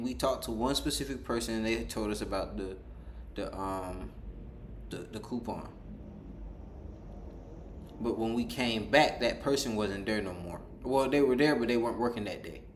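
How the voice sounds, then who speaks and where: Male storyteller, casual rambling monologue, lively delivery, reverberant room. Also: mid-range voice. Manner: rambling, animated, acts out quoted dialogue. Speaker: storyteller vlogger.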